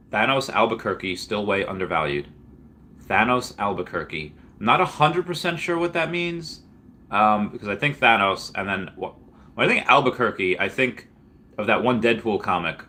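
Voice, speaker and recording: A man hosting a casual livestream Q&A, rambling and restarting, with sudden excited jumps in pitch. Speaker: livestream host answering viewer questions.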